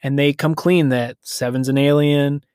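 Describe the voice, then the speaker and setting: A man's voice: fairly high pitch, fairly even intonation, darkish tone, clear, resonant tone, dry recording. Man retelling a story, dry close sound. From United States. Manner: conversational, loose, self-correcting retelling with quick paraphrased quotes. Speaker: podcast host retelling a story. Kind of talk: casual storytelling recap.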